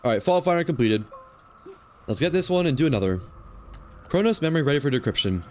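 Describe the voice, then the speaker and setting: A man streams a video game, casually talking himself through what he's doing on screen, muttering and thinking aloud in a relaxed way. His voice is fairly high and quick, with a little hiss or hum in the recording.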